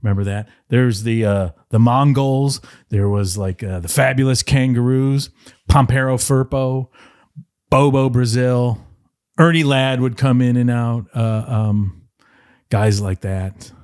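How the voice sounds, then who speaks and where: A middle-aged man from the Detroit area, a podcast guest, telling rambling, animated stories and slipping into playful voice impressions. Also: medium pitch, a little slow, clean tone, no echo, clean studio sound. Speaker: podcast guest, former wrestling writer. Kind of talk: casual interview storytelling.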